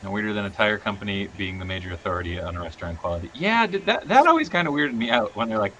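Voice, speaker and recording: A man hosts a relaxed livestream among friends, his voice swinging up and down as he laughs through asides. There is a faint hiss of background noise under his voice. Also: on the low side, lo-fi sound. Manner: laughing, animated, quick asides. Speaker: stream host. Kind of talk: casual livestream chat.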